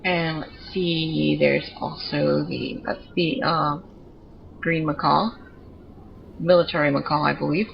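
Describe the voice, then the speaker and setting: A woman's voice: low voice, steady tone, slow pace, gravelly, dull audio, a little hiss or hum. A woman giving chatty, digressive commentary while showing off her pets in a video game. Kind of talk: casual gameplay commentary.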